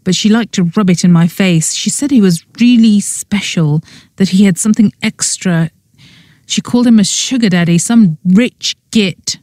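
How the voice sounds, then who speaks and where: A woman voices an unhappy young man in an audiobook mystery, sullen and bitter. The tone is dark and mellow, and the sound is dry and close. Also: medium pitch, normal speed, no echo, close to an everyday voice. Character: miserable, angry young man.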